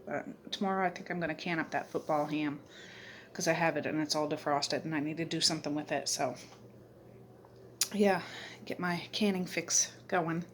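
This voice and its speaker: Rambling low-voiced woman vlogger. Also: fairly even intonation, a little fast, slight background noise. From Canada. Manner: chatty, rambling, warm sign-off with repeated fillers. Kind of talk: casual chat. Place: outdoors in cold snowy weather, then at home.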